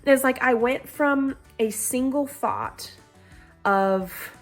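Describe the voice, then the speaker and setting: Young woman, casual vlog talk, earnest and rambling, ums and small laughs, mid pitch, faint background music. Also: normal speed. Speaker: vlogger on a health challenge.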